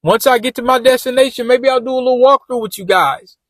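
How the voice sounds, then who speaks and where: High-voiced man chatting casually in slang. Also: fast, no room sound. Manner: loose, repetitive street slang, addresses viewers as y'all. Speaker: vlogger giving job-interview tips. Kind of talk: casual talk while driving. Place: car.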